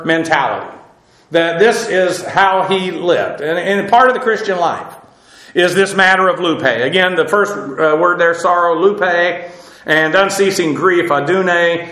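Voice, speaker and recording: High-voiced man teaching a sermon. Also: fairly bright tone, roomy sound, low-quality recording. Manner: earnest, emphatic, with frequent uhs and repeated words. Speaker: Bible teacher. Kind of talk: verse-by-verse sermon.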